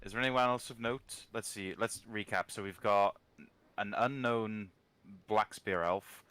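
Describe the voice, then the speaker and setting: A man's voice: fairly low pitch, measured pace, fairly bright tone, clear, resonant tone, no echo. A man playing a tabletop game, joking and swearing casually. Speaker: player.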